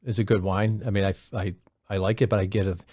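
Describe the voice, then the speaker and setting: A middle-aged man explaining wine in a measured, step-by-step casual talk. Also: on the low side, flat delivery, mellow, no room sound, studio quality. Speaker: wine expert co-host.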